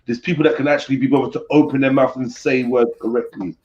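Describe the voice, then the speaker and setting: A man's voice: medium pitch, fairly even intonation, fast talker, a little mellow, lo-fi sound. A man hosting a casual live stream, teasing and mimicking accents with frequent laughs.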